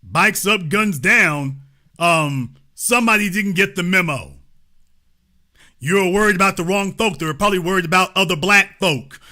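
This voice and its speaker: A man's voice: high-pitched, moderate pace, bright, forceful tone. A man hosting a commentary show, reading news aloud and breaking in with emphatic remarks, repeated points and pointed rhetorical questions.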